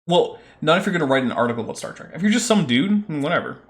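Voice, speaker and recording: A man's voice: on the high side, animated, fast talker, fairly bright tone. A man co-hosting a casual commentary podcast, wry and joking. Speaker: podcast co-host.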